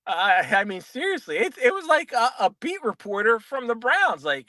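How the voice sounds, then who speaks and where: A man talking sports on the radio as a guest writer, calling in from a car, animated and laughing often as he mimics others. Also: extremely high pitch, normal speed, hardly any pauses, no room sound. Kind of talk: casual sports radio chat.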